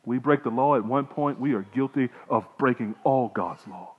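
A male pastor delivering a sermon, moving between loud proclamation and quiet pleading. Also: mid-range voice, moderate pace, breathy edge. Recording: lo-fi with long reverb, hall.

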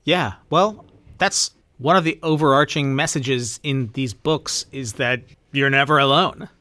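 A man co-hosting a podcast in casual, excitable chat, sometimes swearing. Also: mid-range voice, measured pace. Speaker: podcast co-host.

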